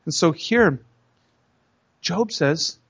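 A man with a high-pitched voice preaches a sermon in an easy, conversational manner. He tells stories, acts out the voices in them and speaks straight to his listeners. The recording sounds dull and lo-fi. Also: expressive, extremely slow, a bit bright, breathy edge. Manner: storytelling, acts out voices in anecdotes; conversational, addresses the congregation directly. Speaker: pastor.

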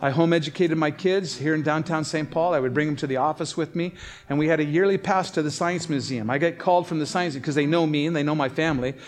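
A man delivers a sermon in a voice that sits a bit higher than most men's. He tells stories with lively energy, jumping up in pitch to act out the people he quotes. Faint guitar plays softly beneath him. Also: fast talker. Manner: animated storytelling, voices rising sharply for quoted people. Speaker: pastor.

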